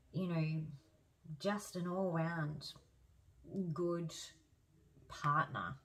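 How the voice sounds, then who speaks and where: A woman with a deep voice gives a casual tarot reading. She's chatty but hoarse, losing her voice as she goes, and she thinks aloud with fillers and restarts.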